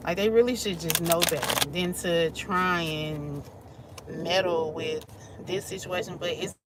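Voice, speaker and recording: A woman with a lowish voice runs a casual tarot reading, chatting loosely and breaking into laughs as she talks. Traffic noise hums clearly behind her the whole time. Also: a little slow. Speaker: tarot reader.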